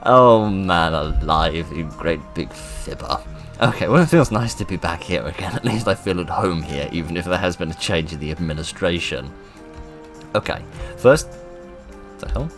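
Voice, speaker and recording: A man giving let's play commentary, excitable and self-mocking, reading game lines aloud in put-on voices. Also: deep voice, normal speed, soft background music. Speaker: gaming video host.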